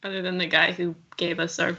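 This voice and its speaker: A woman's voice: on the low side, little pitch movement, a little fast, gravelly, bright, forceful tone, dull audio. A woman player joking around during a tabletop game. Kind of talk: casual tabletop game chat. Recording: faint background noise.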